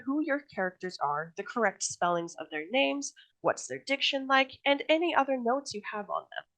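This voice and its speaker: A woman's voice: a little high, a bit bright, rough recording. Chatty woman giving a writing workshop. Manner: chatty, friendly teaching tone, laughs easily. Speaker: conference presenter and author. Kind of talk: recorded workshop presentation on writing.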